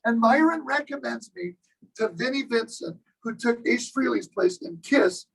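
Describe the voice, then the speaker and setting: A drummer in his sixties telling stories in a casual interview, animated and acting out the lines of people he talks about. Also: very high-pitched, moderate pace, creaky, husky, poor audio. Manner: animated storyteller who acts out other people's lines. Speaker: guest drummer.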